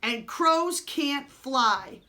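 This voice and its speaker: A woman voicing a big, boastful male outlaw who talks in loud, rough, rustic speech. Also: sits high, animated, slow, full character voice. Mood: menacing.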